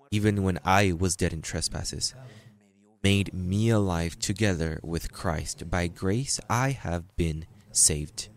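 A man preaching a sermon as pastor, emphatic and repetitive, with halting restarts and sudden jumps in pitch.

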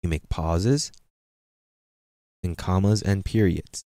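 A pastor giving a sermon in church, preaching with energy and sprinkling in frequent amens and repeated phrases. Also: male voice, low-pitched, takes it slowly, warm tone, no room sound, studio quality. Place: church sanctuary.

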